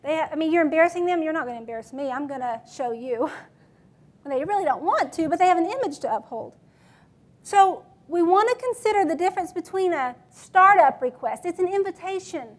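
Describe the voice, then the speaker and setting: A woman's voice: very high voice, animated, a little fast. A woman teacher leading a classroom management workshop, matter-of-fact and quizzing her audience with questions.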